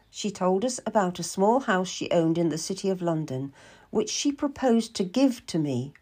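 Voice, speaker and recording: A woman reading a first-person historical story aloud with measured, expressive storytelling. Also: fairly low pitch, husky. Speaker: audiobook narrator. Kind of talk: scripted first-person narration.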